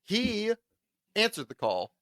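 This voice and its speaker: Man, podcast co-host, casual storytelling, laughs a lot, swears, high lively voice. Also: slow, dry recording, clean studio sound. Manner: laughs often, profane, animated.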